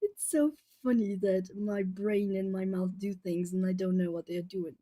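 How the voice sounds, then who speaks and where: An animated young woman in casual chat with her viewers, laughing often and circling back over her words. Her voice has an ordinary middle pitch for a woman. It is recorded dry, with no room sound. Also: moderate pace, no echo. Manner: chatty, laughs often, repeats and restarts words. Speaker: art channel host.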